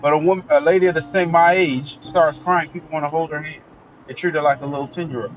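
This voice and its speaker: A man's voice: fairly high pitch, fairly even intonation, fast talker. A man giving a blunt, emphatic, opinionated solo monologue as a commentator. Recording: dull lo-fi recording with faint music.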